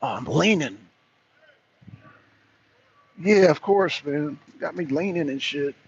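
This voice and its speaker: A man's voice: a little high, slow, gravelly. A man, hosting a casual live-stream talk and chatting loosely with his viewers. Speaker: talk show host. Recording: dull lo-fi stream with faint noise.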